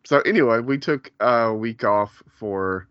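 A man's voice: medium pitch, measured pace, smooth, no echo, dull audio. A man hosting a podcast, chatting casually, rambling with lots of fillers and frequent laughs. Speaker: podcast host. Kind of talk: casual chat.

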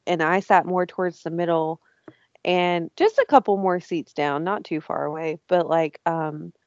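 Woman, casual podcast chat, animated storytelling, lots of swearing, dry muffled recording. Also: on the low side, dry recording.

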